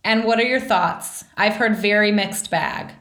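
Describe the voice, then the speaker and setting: A woman's voice: medium pitch, measured pace, a bit bright. Chatty woman in an echoey room. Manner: chatty, self-deprecating, trailing off with fillers. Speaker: podcast host. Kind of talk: casual chat.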